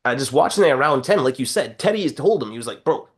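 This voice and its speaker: A man co-hosting a podcast in casual chat, telling stories with animated energy, acting out quotes and swearing freely. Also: medium pitch, fast. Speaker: podcast co-host.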